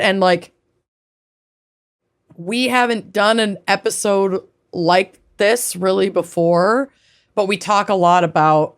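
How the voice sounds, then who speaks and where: Woman, podcast co-host, casual chat, low pitch, unhurried, laid-back, rambling.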